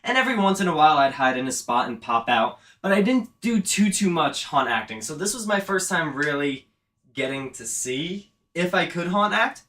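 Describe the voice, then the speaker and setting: Bright-voiced man rambling casually. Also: fairly high pitch, sing-song, moderate pace. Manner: rambling, self-aware. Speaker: vlogger and haunt actor. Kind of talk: casual chat. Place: indoors, setting up an animatronic.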